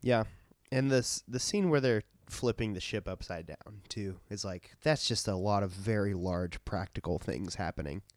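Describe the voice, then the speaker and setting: Male co-host, lowish voice, dry laid-back humor, close dry mic. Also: moderate pace, no echo. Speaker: podcast co-host. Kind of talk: casual movie podcast chat.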